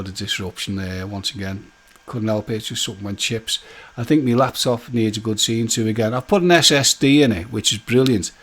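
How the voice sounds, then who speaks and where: Bloke chatting on his live stream, jokey and laughing a lot, mid-pitched voice. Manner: chatty, jokey, laughing often, greeting viewers by name. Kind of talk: casual live-stream chat with viewers.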